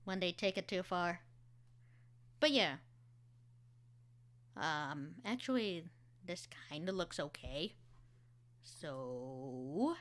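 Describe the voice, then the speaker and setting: A woman's voice: medium pitch, a bit bright. A woman voice actor streaming, chatting casually and explaining how she works, with lots of fillers.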